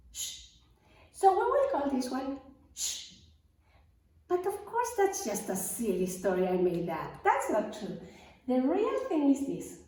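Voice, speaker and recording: A music teacher with a high voice takes small children through rhythm exercises, speaking in a slow, sing-song way with lively swoops in pitch and encouraging call-and-response. Picked up by a far-off mic, the sound is very echoey, with slight background noise.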